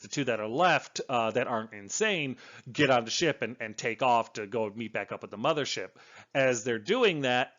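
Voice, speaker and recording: A man talks through a book in a casual, rambling way, full of restarts and asides. His voice sits at an ordinary middle pitch. The recording is dull and lo-fi, like a home setup. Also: a bit bright. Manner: enthusiastic, rambling with fillers and restarts. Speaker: book reviewer. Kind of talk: casual spoken book review.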